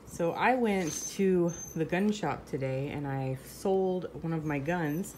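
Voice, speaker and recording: Chatty woman, low voice, faint background hiss. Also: slow pace, few pauses, a little mellow. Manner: chatty storytelling, breaking off to scold her dogs. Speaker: vlogger. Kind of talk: casual chat. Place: home with pets.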